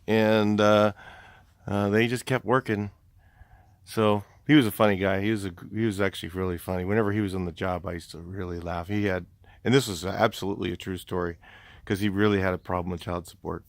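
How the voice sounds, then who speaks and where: Low-voiced rambling house painter man. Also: clear, resonant tone, no echo, studio quality. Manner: rambling, many restarts. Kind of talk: casual storytelling vlog.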